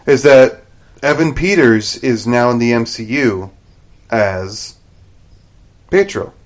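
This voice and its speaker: Guy on a podcast going over a tv episode, chatty, keeps doing the characters' lines, normal pitch. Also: slow. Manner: animated retelling, acts out characters' lines. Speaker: podcast co-host. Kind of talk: casual TV recap chat.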